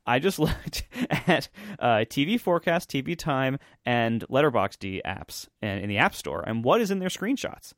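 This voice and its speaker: A man's voice: medium pitch, very animated, moderate pace, few pauses, no room sound, clean studio sound. A man co-hosting a podcast, talking matter-of-factly with wry, laughing asides. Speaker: podcast co-host. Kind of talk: casual podcast chat.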